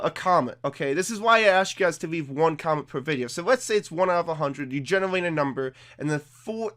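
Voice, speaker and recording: A man's voice: a little high, a bit bright. A young man giving casual, defensive video commentary, chatty and full of fillers. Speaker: YouTuber.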